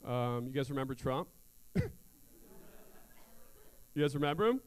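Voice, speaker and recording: A man's voice: medium pitch, animated, a little slow, clean tone. A young man doing a stand-up comedy set on a theater stage, crude and self-mocking in a loose, conversational way.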